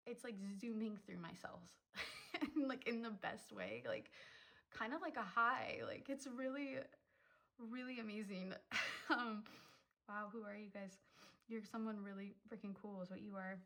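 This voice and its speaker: A woman's voice: medium pitch, animated, measured pace, sharp tone, rough recording. A young woman giving a casual pick-a-card tarot reading, chatty and effusive, filling her talk with "um" and "like" and getting emotional. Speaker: tarot reader.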